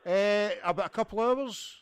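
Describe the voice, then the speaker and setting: Guy prank calling, high pitched, pompous and rambling, dry close sound. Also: moderate pace, clean tone, dry recording. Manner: rambling, mock-pompous, deadpan absurd. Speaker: prank caller. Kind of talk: prank phone call.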